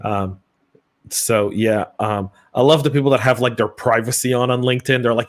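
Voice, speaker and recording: A man's voice: mid-range voice, fairly even intonation, moderate pace. A man with a Southern US accent co-hosting a live podcast, chatty and casual, often stammering on restarts. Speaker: podcast co-host.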